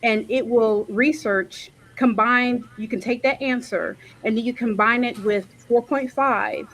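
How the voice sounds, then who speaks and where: A woman on a panel, talking casually with many pauses and self-corrections, over a video call. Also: a little high, fairly even intonation, fairly bright tone, rough recording. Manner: hesitant, lots of um and self-corrections.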